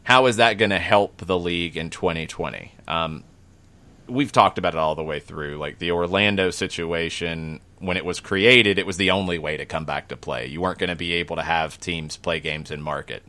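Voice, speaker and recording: On his casual sports podcast, a host with a low, sharp-toned voice and a moderate pace probes and analyzes as he talks things over.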